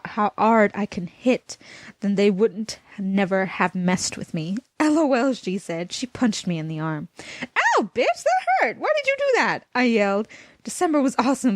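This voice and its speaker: A woman's voice: medium pitch, no room sound. Woman mocking a fan fiction aloud. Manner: mocking, breaks off to laugh and comment. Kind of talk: comic fan fiction reading.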